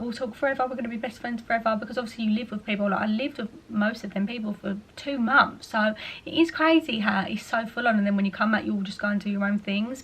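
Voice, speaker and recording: A woman's voice: on the high side, fairly bright tone. A young woman, answering viewer questions in a casual, chatty vlog and often slipping in "like" and "you know". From England. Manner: chatty, fillers like "like" and "you know", quoted asides in other voices. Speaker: vlogger.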